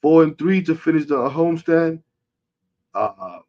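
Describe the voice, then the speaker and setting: A man, hosting a sports podcast as a casual rant. He is frustrated and animated, swinging from loud outbursts to muttering. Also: on the high side, moderate pace, lo-fi sound.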